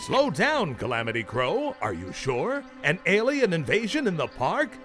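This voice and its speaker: A man voicing a calm female emergency dispatcher who talks in a reassuring way. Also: fairly high pitch, moderate pace. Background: music.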